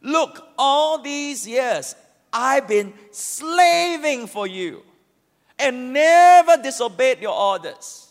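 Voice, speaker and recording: A preacher acting out a furious resentful son. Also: male voice, extremely high pitch, lively intonation, slow, in a large hall, voice pushed up, full character voice. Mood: indignant. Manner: indignant, shouting, rude. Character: resentful angry older son, young man.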